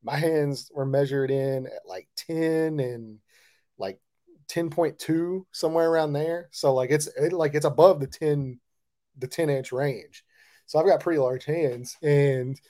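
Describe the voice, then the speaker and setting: A man's voice: on the high side, a little slow, warm tone. A man co-hosting a casual sports podcast, rambling and padding his talk with fillers. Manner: rambling, hedges with "like" a lot. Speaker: podcast co-host.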